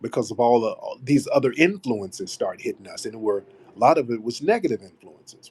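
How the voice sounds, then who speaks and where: A man hosting a live audio chat room, talking at length in an emphatic way, repeating key phrases and slowing down to stress names and points. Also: medium pitch, animated, a little mellow, slightly rough.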